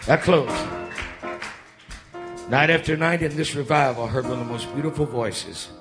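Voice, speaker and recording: A man preaching a revival sermon in church, building up to shouted calls to the congregation. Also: mid-range voice.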